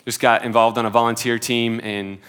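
A man's voice: medium pitch, flat delivery, brisk, a bit bright, smooth. A man in his twenties preaching a sermon in a casual, conversational way, with many filler "like"s and self-deprecating humor. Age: 20s.

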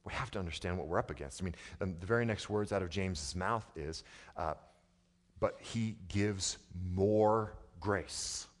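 A male pastor with a somewhat low voice preaching a conversational sermon. He drops quiet, then climbs to loud, emphatic stretches. The sound carries a long reverb from a church sanctuary. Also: moderate pace.

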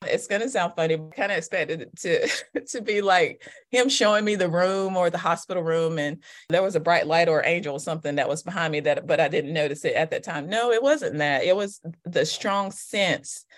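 A woman with children, a guest author, talking thoughtfully and softly about grief and faith. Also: fairly low pitch, moderate pace. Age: adult with children. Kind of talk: reflective faith conversation.

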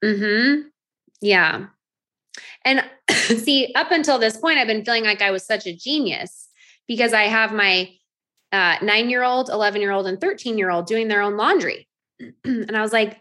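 A woman in her thirties coaching a group, telling lively stories and acting out her own thoughts. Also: fairly high pitch, moderate pace. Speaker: life coach.

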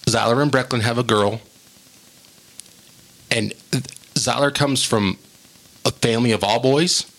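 A man with a gravelly, bright voice who chats casually and rambles through stories, jumping into lively quoted voices. He talks as a podcast co-host sharing stories with a friend. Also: medium pitch, measured pace. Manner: rambling, animated, acts out quotes. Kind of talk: casual storytelling chat.

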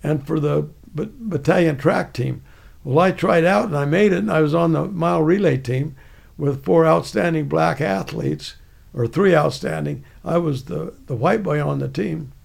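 A man's voice: fairly high pitch, normal speed, darkish tone. An older man, an army veteran guest, telling rambling stories from memory with many restarts. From United States. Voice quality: gravelly, raspy. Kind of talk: casual storytelling.

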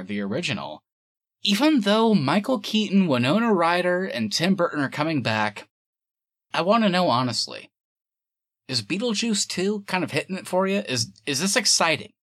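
Animated, bright-voiced male podcast host. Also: high voice, no room sound, studio quality. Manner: animated, laughs often. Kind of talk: casual chat.

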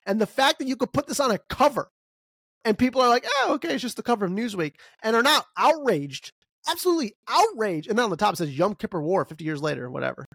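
A podcast host delivering an emphatic, ranting opinion monologue, firing off rhetorical questions, with big swings in pitch and sudden bursts of speed. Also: big pitch swings, quick pace, fairly bright tone, breathy edge, no room sound.

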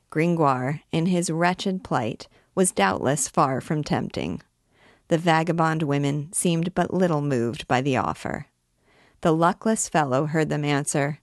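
A woman narrating a classic novel as an audiobook, in a measured, even storytelling manner. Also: deep voice, dry recording, studio quality.

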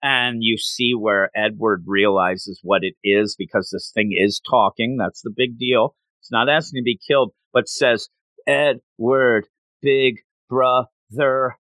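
A man's voice: moderate pace, few pauses, no room sound. Man animatedly retelling a story. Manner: animated retelling, jumps high when quoting characters. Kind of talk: casual chat.

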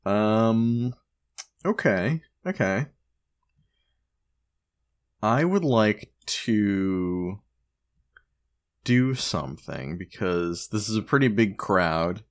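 A man playing a tabletop game with a very low voice. He thinks out loud at an unhurried pace, pausing as he describes his character's moves. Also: lively intonation. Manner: slow, deliberate, hesitant planning. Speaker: player.

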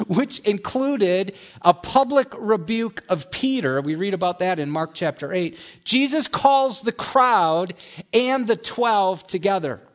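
A man preaching a sermon, mixing quick asides with slow, emphatic lines. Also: sits high. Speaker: pastor.

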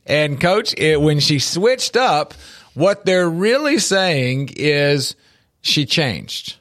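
A middle-aged man co-hosts a casual talk show on faith and life, speaking very slowly in a voice on the high side. He tells stories with lively emphasis and often repeats words as he begins a sentence.

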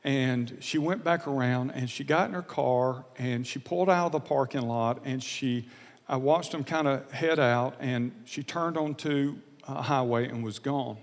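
A man preaching a sermon, telling a personal story in an earnest, confessional way, often halting and repeating words. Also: mid-range voice, in a large hall.

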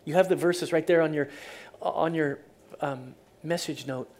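Animated woman preaching a sermon. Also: low voice, a little slow. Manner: animated, swings from loud to hushed; casual, conversational retelling. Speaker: pastor. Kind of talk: sermon storytelling.

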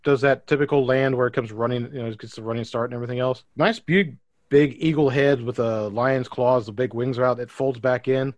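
A man's voice: mid-range voice, steady tone, fairly quick, dry recording. Man narrating as game master. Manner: descriptive, many fillers.

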